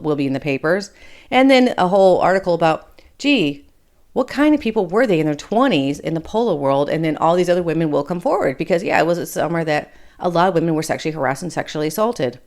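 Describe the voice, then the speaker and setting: Brief: Michigan woman host in her 40s-50s, slightly low voice, blunt and profane, rambling solo commentary. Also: darkish tone. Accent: Michigan, with a trace of Appalachian. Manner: blunt, swears casually, drifts off topic. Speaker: podcast host.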